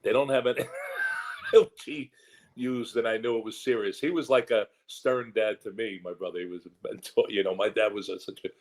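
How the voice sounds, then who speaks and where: A man's voice: fairly low pitch, fairly even intonation, moderate pace, darkish tone, low-quality recording. An older man with a New York accent, a guest actor telling rambling stories in a casual interview and acting out the voices he quotes.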